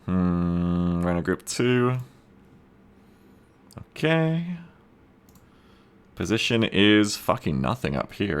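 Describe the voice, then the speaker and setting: A man's voice: low-pitched, slow, pauses often, smooth. A man live-streaming while he codes a game mod. He chats casually, reads viewer comments aloud, swears freely and pokes fun at himself. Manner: relaxed, self-mocking, swears casually, reads chat aloud.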